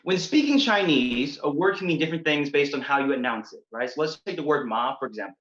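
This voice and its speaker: A man's voice: on the high side, lively intonation, quick pace, fairly bright tone. Emphatic man performing slam poetry. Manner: rhythmic, emphatic delivery with rising intensity. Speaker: slam poet. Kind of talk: spoken word poetry performance. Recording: dull, echoey venue recording.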